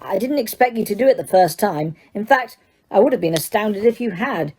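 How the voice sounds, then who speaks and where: A woman voicing a kind, weary male teacher in an audiobook, who speaks quietly and hesitantly in a reassuring way. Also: medium pitch, lively intonation, fairly quick, husky. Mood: gentle.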